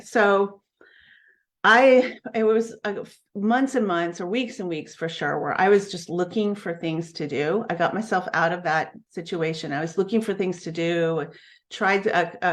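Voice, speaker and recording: A woman who coaches network marketers, telling a personal story on a live stream in a candid, earnest way, often restarting her sentences. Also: lowish voice.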